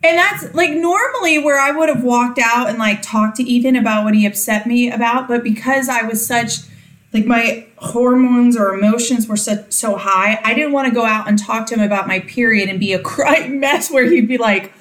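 A woman in her forties chatting casually, telling stories with lively energy and freely swearing. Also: a little high, normal speed. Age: 40s. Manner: animated storyteller, swears freely. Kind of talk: casual chat. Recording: echoey room, distant from the mic.

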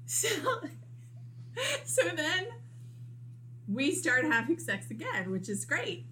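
A woman telling a candid personal story in casual chat, animated and acting out what people said. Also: high voice, slow pace, a little hiss or hum. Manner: candid, animated, acts out quotes.

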